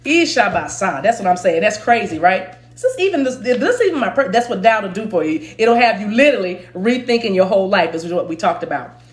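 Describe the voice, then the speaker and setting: A woman's voice: mid-range voice, very animated, a little fast. A woman leading a live-streamed spiritual reading, with a rhythmic, preacher-like delivery. She breaks into chanted tongues and calls her listeners "baby". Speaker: spiritual reader and channel host. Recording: roomy echo.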